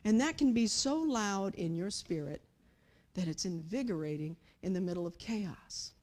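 A woman preaching a sermon in an animated storytelling way, moving from hushed to loud and acting out voices. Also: mid-range voice, moderate pace. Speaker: pastor.

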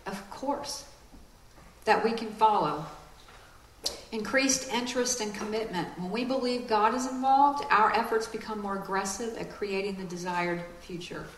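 A woman giving a lively, conversational sermon with quick asides. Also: mid-range voice, roomy sound, slight background noise, low-quality recording. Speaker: speaker.

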